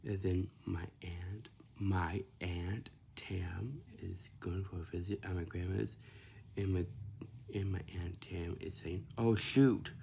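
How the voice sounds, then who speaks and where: Low, gravelly man rambling slowly. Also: level tone, warm tone, slight background noise. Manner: repetitive, restarts sentences often. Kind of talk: casual rambling chat.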